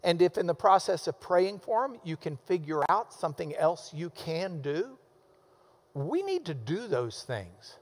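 A man's voice: on the high side, sing-song, unhurried, in a large hall. A man preaching a sermon as pastor, enthusiastic and emphatic, with playful asides.

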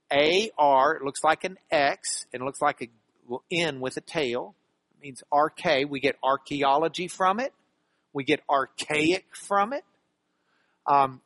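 A man's voice: on the high side, a bit bright, no room sound. A man preaching a sermon, explaining scripture and repeating key words for emphasis, with asides that poke fun at himself. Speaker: pastor. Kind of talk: sermon teaching.

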